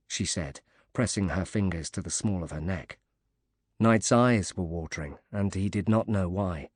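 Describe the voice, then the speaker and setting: A man narrating an audiobook in a calm, measured reading. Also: low voice, dry recording, clean studio sound.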